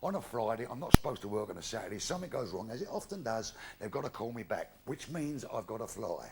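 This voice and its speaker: A man's voice: fairly low pitch, very animated, fast, slight background noise. An older man telling bawdy jokes in brash stand-up on a theatre stage. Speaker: stand-up comedian. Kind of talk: live stand-up comedy. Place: theatre stage before an audience.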